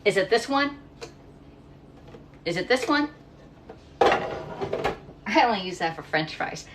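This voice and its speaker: A woman's voice: medium pitch, expressive, slow pace, a little hiss or hum. A middle-aged woman from Pennsylvania chatting casually while cooking in her home kitchen, rambling and reading viewer comments aloud. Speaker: livestream cooking host.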